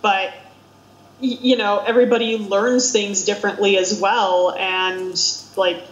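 A woman's voice: medium pitch, flat delivery, unhurried. A woman co-hosting a casual film chat, talking in a chatty, exclamatory way and laughing often. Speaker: podcast co-host. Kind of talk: casual chat about films. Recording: roomy, dull lo-fi sound.

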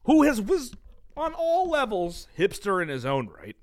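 A man's voice: high voice, huge pitch swings, unhurried. A young man co-hosting a podcast, telling a comic story in a profane, exasperated rant. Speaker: podcast co-host. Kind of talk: casual comedic storytelling.

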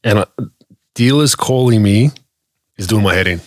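A man's voice: on the low side, normal speed, no room sound, clean studio sound. A man with an Australian accent ranting bluntly, full of swearing, in a casual chat on a podcast.

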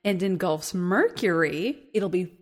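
A woman's voice: lowish voice, lively intonation, measured pace. A woman co-hosting a podcast in casual chat, chatty and giggly as she jumps between topics. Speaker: podcast co-host.

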